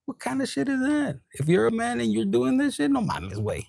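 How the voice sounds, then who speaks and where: A man giving a collective tarot reading. He talks in a profane, animated way and drops into Spanish. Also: extremely high pitch, normal speed, creaky, no echo. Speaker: tarot reader.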